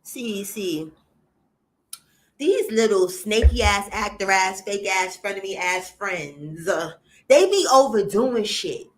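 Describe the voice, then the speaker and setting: A woman's voice: medium pitch, animated, takes it slowly. A woman hosting a livestream, ranting bluntly to her viewers in casual, profane reaction commentary. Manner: indignant ranting. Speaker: livestream host.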